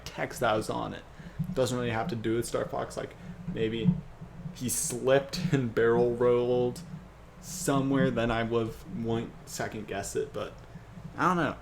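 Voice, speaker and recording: A man thinks aloud while working out a fan script, rambling, joking at his own expense, and trailing off. His medium-pitched voice has vocal fry, with slight background noise behind it.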